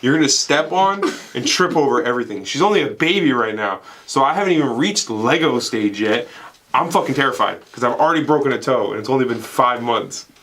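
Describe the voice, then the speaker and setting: A man's voice: mid-range voice, lively intonation, fairly quick, fairly bright tone. Profane, rambling young man telling stories. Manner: rambling, profane storytelling with frequent laughs. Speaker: podcast co-host. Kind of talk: casual podcast banter.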